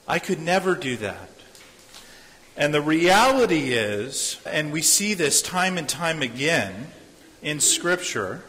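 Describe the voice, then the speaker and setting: A man's voice: on the high side, bright, forceful tone. A man preaching a sermon as a pastor. He speaks earnestly, repeats his phrases and acts out the voices of people he quotes. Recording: long hall reverb.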